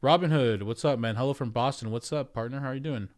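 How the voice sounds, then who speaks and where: A man's voice: mid-range voice, fast, darkish tone. A man, a real estate agent, hosting a casual livestream, rambling and reading out viewer comments as he goes. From United States. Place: home, streaming.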